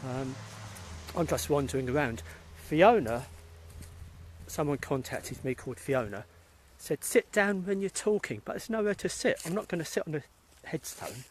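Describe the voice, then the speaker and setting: A man's voice: mid-range voice, animated, normal speed, slight background noise. Chatty British man on a phone live stream. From England. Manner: chatty, rambling, greets viewers by name. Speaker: spiritualist medium vlogger. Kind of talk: casual live-stream chat. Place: outdoors in a cemetery. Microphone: phone held while walking.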